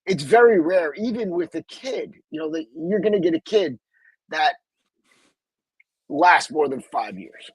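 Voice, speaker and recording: A man's voice: on the high side, expressive, a little slow, pauses often, husky, no room sound, poor audio. A man hosting a podcast, talking in a rambling, profane, casual way. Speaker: podcast host.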